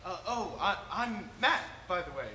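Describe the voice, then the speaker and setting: Teen actor doing excitable young guy, stumbly storytelling, lively bright voice. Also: mid-range voice, moderate pace, distant mic. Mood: eager. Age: teens. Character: Matt, excitable young man survivor. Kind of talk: stage play acting. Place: school auditorium stage. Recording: echoey auditorium with faint noise.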